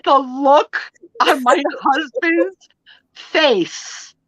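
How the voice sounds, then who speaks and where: A middle-aged woman hosting a live stream, telling a story in a casual, animated way, laughing and acting out the lines she quotes. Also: high voice, extremely slow, no echo, muffled recording. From United States. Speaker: host.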